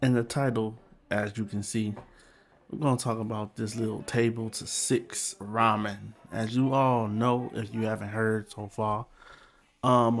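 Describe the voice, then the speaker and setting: A man hosting a casual reaction video, talking back bluntly to the clip he is watching. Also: lowish voice.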